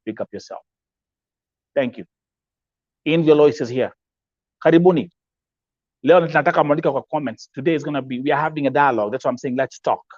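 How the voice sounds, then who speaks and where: The recording here is lo-fi with no echo, capturing a medium-pitched, slightly mellow male voice. He's a Kenyan live-stream talk show host with a Kenyan English accent who speaks emphatically and repeats himself. He mixes in Swahili phrases and reads viewer comments aloud.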